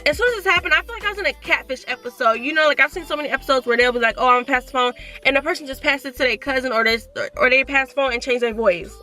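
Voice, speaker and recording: Young woman, sore throat, animated storytime, faint music behind. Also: high voice. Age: 20s. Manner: animated, reads messages aloud, talks fast. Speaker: vlogger. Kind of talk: casual storytime.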